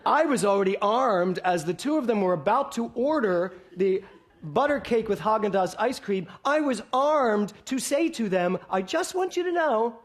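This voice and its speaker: A man's voice: high-pitched, expressive, normal speed. A man preaching to a congregation on a stage mic, telling stories with humor and acting out the dialogue. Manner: playful storytelling, acting out dialogue. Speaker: minister. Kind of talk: sermon. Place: hall, before a congregation.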